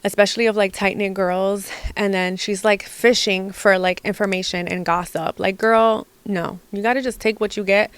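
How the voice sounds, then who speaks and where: Young woman ranting about reality tv, says like constantly, swears a lot, medium pitch, dry sound. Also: moderate pace, few pauses, clean tone, no room sound. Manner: animated, heavy use of "like", profane, exasperated. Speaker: podcast host. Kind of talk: casual gossip chat.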